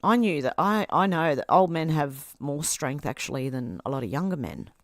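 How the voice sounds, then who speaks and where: A woman's voice: low-pitched, expressive, moderate pace, dry recording, clean studio sound. An Australian woman hosting a livestream, reading social media posts aloud and answering them with sarcastic asides. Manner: sarcastic, talks back at posts. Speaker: livestream host.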